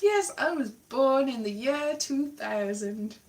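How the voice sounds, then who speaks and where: A woman's voice: high-pitched, animated, slow, recorded from a distance, a little hiss or hum. A woman in her twenties chatting casually and self-mockingly on a livestream, laughing often. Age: 20s. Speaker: livestream host.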